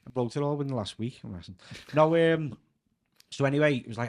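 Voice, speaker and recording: A fast-talking man with a mid-range voice and a Scouse accent, a comedian from Liverpool, England, swaps casual anecdotes as a guest on a podcast. Chatty and quick to laugh, he leans on the word "like."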